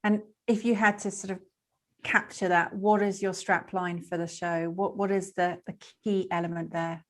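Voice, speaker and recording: A woman's voice: lowish voice, little pitch movement, moderate pace. A woman podcast host asking interview questions in an inquisitive way.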